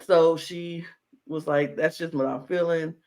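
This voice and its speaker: A woman's voice: low voice, unhurried. A woman co-hosting a casual reality-show podcast, retelling scenes and acting out the people in them. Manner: animated storyteller acting out quotes in put-on voices. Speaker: podcast co-host. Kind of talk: casual recap chat.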